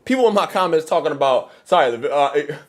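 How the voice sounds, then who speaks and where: A content creator rants to the camera in a heated, profane, animated monologue video. His voice is a little high and fast.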